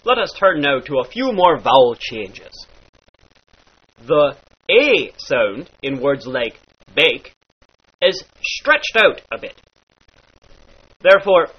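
A man leads a voice lesson with a lively, bouncing delivery, his voice sitting a bit high and carrying a breathy edge. He plays with old-fashioned wording as he names each vowel. The recording is dull and lo-fi. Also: slow pace, long pauses. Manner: playful mock-archaic phrasing, spelling out sounds. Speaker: accent teacher. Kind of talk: instructional voice lesson.

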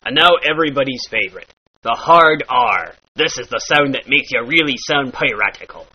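Husky man teaching pirate speech. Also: mid-range voice, expressive, moderate pace. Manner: mock-archaic pirate phrasing, demonstrating sounds. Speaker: accent teacher. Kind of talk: playful pirate-speech lesson. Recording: dull lo-fi recording.

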